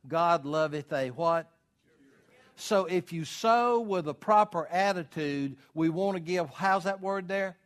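A man preaching a sermon, asking the congregation to fill in words, swelling loud on key words and dropping low to press a point. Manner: asks the congregation questions to fill in.

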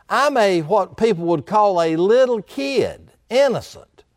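A man delivering a sermon, acting out Bible scenes in turn and pressing his points with emphasis. His voice sits a bit high for a man. The sound is dry and close. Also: animated, a little slow, no room sound. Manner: dramatic preaching, acting out Bible dialogue. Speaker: preacher.

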